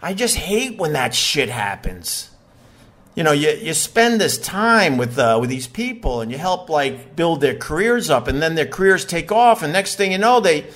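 A man hosting his podcast, ranting heatedly with swearing and shouted bursts, recorded in a home studio. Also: sits high. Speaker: podcast host. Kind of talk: casual monologue rant. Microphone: high quality recorder.

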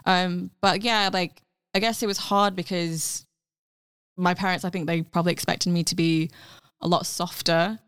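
A young woman, a guest on a casual talk show, telling stories with lively acted-out dialogue. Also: on the low side, moderate pace, clear, resonant tone, dry recording, clean studio sound. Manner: animated storyteller, acts out quoted dialogue. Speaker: guest, actor. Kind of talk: casual podcast conversation.

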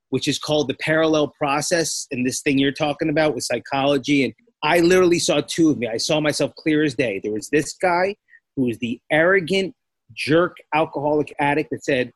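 Guy guest on a podcast telling his story, lively, acts out what people said, dry close sound. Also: on the high side, a little fast, no echo. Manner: animated, acts out quotes. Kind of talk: personal storytelling in conversation.

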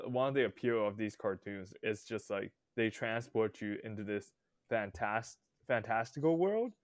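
A man's voice: on the low side, dry recording, studio quality. A man co-hosting a movie podcast, rambling through stories with many restarts. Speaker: podcast co-host. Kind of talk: casual chat.

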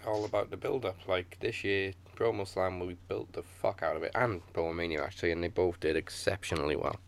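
A man co-hosting a podcast, relaxed and matter-of-fact, swearing casually. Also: deep voice, a little fast, creaky, slight background noise. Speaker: podcast co-host.

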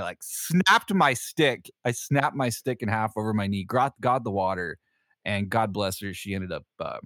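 A Navy veteran hosts a podcast, casually telling a story full of fillers, swearing and laughter. His medium-pitched voice is a bit bright, swings widely in pitch and moves at a moderate pace, with clean studio sound and no room sound.

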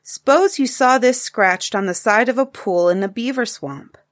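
A woman's voice: on the high side, unhurried, close to an everyday voice. A woman voicing a patient, playful cave-man father who explains things, in a storybook reading.

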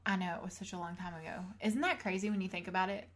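A podcast host in her twenties tells a story in a casual chat, her voice on the low side and fast. She's animated, laughs often, and acts out the quotes.

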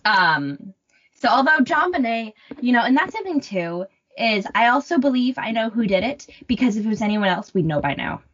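A woman's voice: fairly high pitch, very animated, brisk, a bit bright, slight background noise. A young woman co-hosting a podcast in casual chat, opinionated and rambling with jokes. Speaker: podcast co-host. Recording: dull lo-fi sound.

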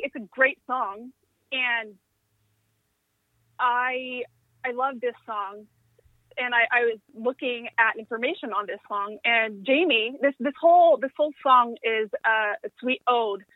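A woman's voice: fairly high pitch, measured pace, no room sound. A woman co-hosting a podcast in casual chat, gushing enthusiastically as she tells stories. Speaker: podcast co-host. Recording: tinny phone-like line, dry.

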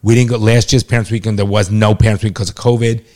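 A man's voice: fairly low pitch, level tone, fast talker, a little mellow. A middle-aged man talking as father and co-host in a casual family chat, emphatic and insistent, swearing freely. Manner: emphatic, heavily profane, insistent.

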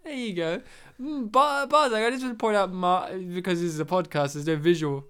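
A man with an Australian accent hosting a casual podcast chat, animated and quick to swear and laugh. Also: sits high, smooth. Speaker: podcast host.

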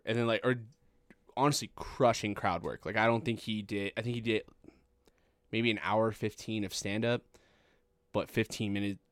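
A man's voice: lowish voice, clean tone, dry recording. Rambling, profane young man, dry close sound. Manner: rambling, profane, laughs at own story. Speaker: storyteller. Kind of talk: casual chat.

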